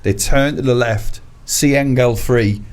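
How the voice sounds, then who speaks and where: A man's voice: medium pitch, unhurried. A man giving earnest, opinionated views as a guest on a football podcast. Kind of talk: casual football chat.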